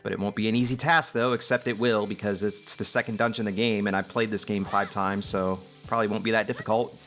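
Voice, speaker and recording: Male let's-play host, lowish voice, casual upbeat commentary, self-deprecating humor. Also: fairly even intonation, fast talker, fairly bright tone, soft background music.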